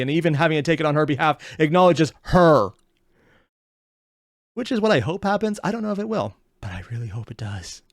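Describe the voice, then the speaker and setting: Lively, thinking-aloud male reaction host. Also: fairly high pitch, dry recording, clean studio sound. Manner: rambling, thinks aloud with restarts. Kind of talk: casual reaction commentary.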